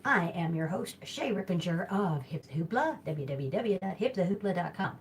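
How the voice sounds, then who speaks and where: A woman's voice: on the low side, animated, moderate pace, slight background noise. A woman with a Midwestern accent hosting a live-streamed hula hooping show, talking in a chatty, rambling way and often correcting herself. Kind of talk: casual live-stream chat.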